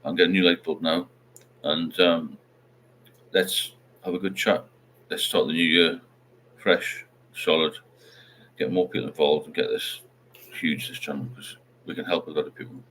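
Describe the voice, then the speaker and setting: A man's voice: low voice, steady tone, normal speed, a bit bright, a little hiss or hum. A middle-aged man, hosting a casual livestream chat and rambling while he reads out viewer comments. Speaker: livestream host.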